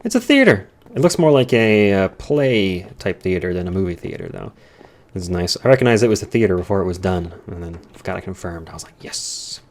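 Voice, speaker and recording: A man's voice: deep voice, a little fast, a little mellow, slight background noise. A young man rambling casually while touring a Minecraft server, his voice strained and tired. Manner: rambling, chatty, easily sidetracked. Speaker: Minecraft let's-player. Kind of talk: casual rambling gameplay commentary.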